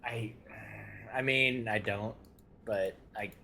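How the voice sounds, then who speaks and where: A man's voice: on the low side, takes it slowly, pushed and bright. A man chatting casually while playing a game with a friend, rambling with hesitations and jokes. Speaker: fellow player. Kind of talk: casual gameplay chat.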